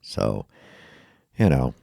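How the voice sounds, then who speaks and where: A man's voice: very deep voice, very animated, extremely slow, creaky, mellow, no echo, clean studio sound. A middle-aged man talking tiredly in a rambling, self-deprecating podcast monologue, laughing at himself often. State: tired, yawning. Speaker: podcast host. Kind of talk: casual monologue.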